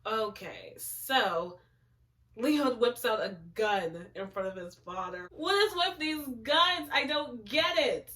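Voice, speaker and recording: Slow, bright-voiced young woman mocking her writing. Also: on the high side, animated. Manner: giggly, mock-dramatic, sarcastic asides. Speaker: writer reviewing her own old story. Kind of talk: casual commentary while reading aloud. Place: her bedroom. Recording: voice distant from the mic.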